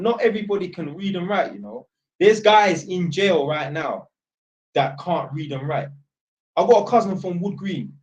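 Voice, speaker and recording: A man's voice: a little high, darkish tone. A young man chatting on a live stream, rambling and blunt, swearing freely. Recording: dull lo-fi sound.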